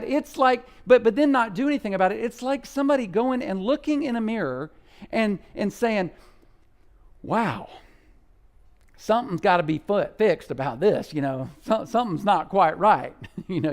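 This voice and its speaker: A man with a fairly high voice preaching a sermon. He keeps it conversational and loose, playfully mimicking the murmurs of his congregation as he teaches. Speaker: pastor. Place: church sanctuary.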